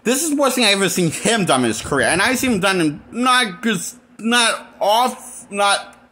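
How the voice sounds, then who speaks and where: A man's voice: sits high, animated, normal speed, bright, forceful tone. A man reviewing a movie in a casual, rambling rant, full of restarts and blunt, exasperated complaints. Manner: rambling, with frequent restarts and fillers. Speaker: movie critic.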